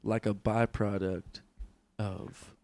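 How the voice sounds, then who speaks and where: A man co-hosting a casual podcast, musing out loud and swearing between halting phrases. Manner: rambling, swearing, lively pitch. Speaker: podcast co-host.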